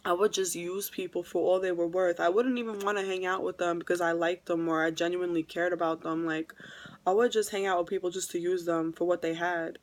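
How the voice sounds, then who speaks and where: A woman's voice: fairly low pitch, fairly even intonation, fairly quick. New woman, vlogger, heartfelt testimony delivery, repeats herself for weight. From New York. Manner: emotional, repeats phrases for emphasis. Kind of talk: earnest religious testimony vlog.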